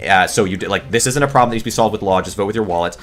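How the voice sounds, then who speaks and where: A man who makes gaming videos rants off the cuff, rambling and exasperated, with lots of restarts and fillers. His lowish, slightly bright voice races along.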